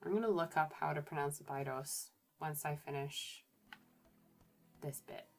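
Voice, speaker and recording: A woman's voice: sits low, fairly even intonation, normal speed, soft background music. Chatty, self-correcting woman gamer. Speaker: archaeologist streamer. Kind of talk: casual gameplay commentary.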